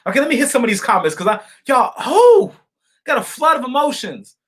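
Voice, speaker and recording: A man holds forth on a live stream, calling his viewers y'all and folks. He talks fervently and circles back to the same points, jumping from loud outbursts to quiet asides, then slips into reading comments aloud. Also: very high voice, very animated, racing, breathy edge. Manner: fervent, repetitive, swings between shouting and quiet asides.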